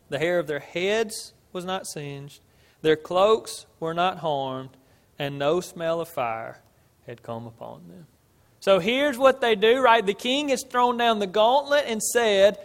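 A man preaching a sermon and reading scripture aloud, emphatic, swinging between loud and quiet. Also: high-pitched. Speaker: pastor. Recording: long hall reverb.

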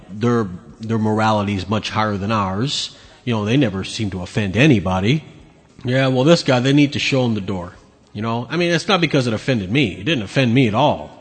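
A man's voice: medium pitch, lively intonation, brisk, slightly rough, in a large hall. A man hosting his own podcast, ranting bluntly and sarcastically with lots of swearing. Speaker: podcast host. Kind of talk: opinionated solo rant.

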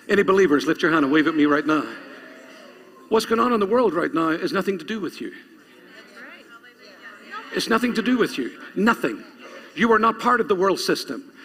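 A man's voice: fairly high pitch, fairly bright tone. A male pastor preaching a sermon, reading scripture aloud and urging the congregation to repeat lines after him. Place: church. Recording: long reverb of a church hall.

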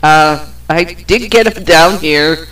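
A podcast host tells a personal story casually, rambling, swearing plenty, and filling gaps with fillers and laughs. Her voice sits low, she speaks slowly with a bit of brightness, and the recording quality is poor.

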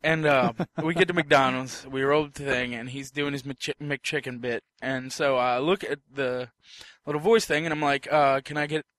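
A man on a casual podcast telling a profane drinking story, shouting out the quoted lines. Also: mid-range voice, fairly even intonation, normal speed, few pauses, no echo. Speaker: podcast co-host.

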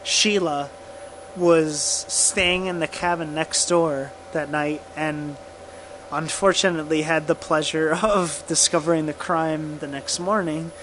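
A man co-hosting a podcast, telling a true crime case in casual profane chat, halting and laughing often. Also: a little high, steady tone, a bit bright, slight background noise, rough recording. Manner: slow, halting, laughs often, drinking whiskey.

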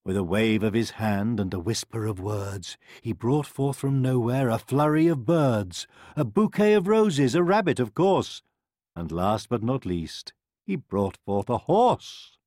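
A man reading a rhyming bedtime story aloud in a sing-song, expressive way. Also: mid-range voice, measured pace, no room sound, clean studio sound. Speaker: narrator.

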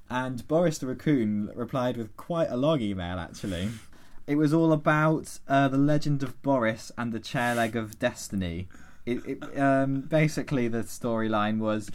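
A man hosting a casual podcast, reading listener emails aloud in a dry, deadpan way. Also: medium pitch, moderate pace. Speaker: podcast host.

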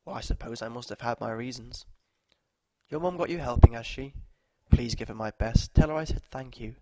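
A man voicing an eccentric grown woman who rides the bus, speaking in a clear, strong, chatty way. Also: medium pitch, fairly quick, noisy background, lightly acted. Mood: cheery.

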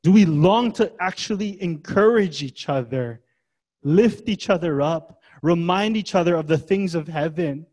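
Casual, questioning pastor mid-sermon. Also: male voice, a little high, a little slow, darkish tone. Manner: casual, conversational preaching with rhetorical questions. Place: church gathering.

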